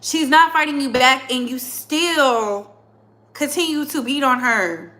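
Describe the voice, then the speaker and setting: A woman's voice: sits high, takes it slowly, sharp tone. A woman hosting her own commentary channel, talking bluntly and emphatically and repeating phrases for effect. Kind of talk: heated commentary monologue.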